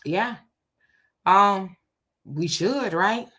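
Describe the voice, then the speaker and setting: A woman's voice: mid-range voice, extremely slow, pushed and bright. A woman hosting a casual livestream, chatting loosely and greeting viewers by name as she reads their comments. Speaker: livestream host.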